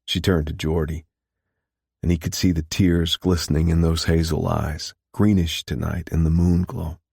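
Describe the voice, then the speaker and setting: Deep, husky male audiobook narrator. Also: level tone, normal speed, a little mellow, dry recording, studio quality.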